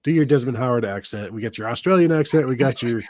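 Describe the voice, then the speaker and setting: A man's voice: medium pitch, fast, a little mellow, no echo. Male podcast host, casual and rambling, dry recording. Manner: rambling, many fillers and restarts. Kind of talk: casual live podcast chat.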